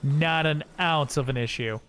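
A man's voice: a little high, moderate pace, a bit bright, slight background noise. A man streaming a video game live, goofing around and talking to himself and his chat. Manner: goofy, talks to himself and chat. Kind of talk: live gameplay commentary.

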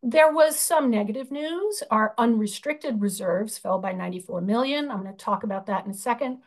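A woman's voice: on the high side, moderate pace. A woman chairing a union budget committee, presenting slides over a video call, explaining with frequent fillers and restarts.

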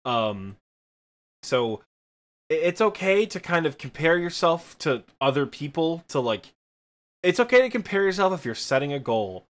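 A man's voice: on the high side, big pitch swings, fairly bright tone. Michigan-accented man chatting casually. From Midwestern United States. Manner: rambling, self-deprecating, quick bursts with fillers. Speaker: podcast co-host. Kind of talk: casual chat.

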